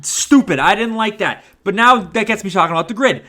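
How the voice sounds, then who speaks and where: Exasperated ranting man, bright voice. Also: sits high, a little fast. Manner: exasperated, swearing, many restarts and repeated words. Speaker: movie reviewer. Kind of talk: rambling rant review.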